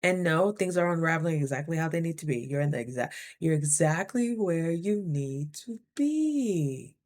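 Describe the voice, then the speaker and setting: A young woman vlogging casually, chatty and animated, acting out her own thoughts in quick asides. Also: deep voice. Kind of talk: casual talking-to-camera vlog.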